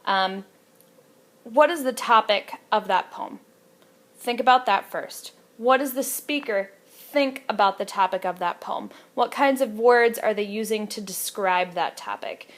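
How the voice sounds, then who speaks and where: A woman's voice: mid-range voice, a little slow, a bit bright. A young woman teacher explaining terms to students in a casual lecture, with many fillers. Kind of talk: recorded classroom lecture.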